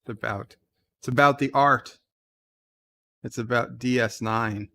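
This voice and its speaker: A man with a slight New York accent hosts a live stream in a relaxed, chatty way. He reads out viewer comments in a brighter, livelier voice, then answers them with dry, low-key asides at a middle pitch. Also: measured pace. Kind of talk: casual live stream chat, reading viewer comments aloud.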